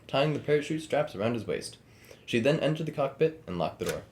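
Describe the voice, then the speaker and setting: Fast-talking man reading a story. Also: mid-range voice. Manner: quick, reads script in steady storytelling cadence. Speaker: podcast co-host narrating the story. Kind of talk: casual podcast chat and read narration.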